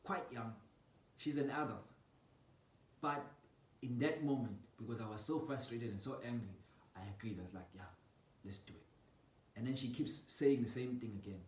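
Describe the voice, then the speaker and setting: A man casually telling a personal family story, animated and laughing, acting out the scenes with sound effects. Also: moderate pace. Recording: roomy echo, distant mic, low rumble.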